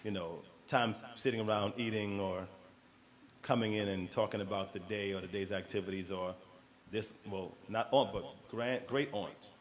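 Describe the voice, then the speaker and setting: A man from New York talking as an interview guest, relaxed and storytelling, often laughing. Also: on the low side, normal speed. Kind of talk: casual interview conversation.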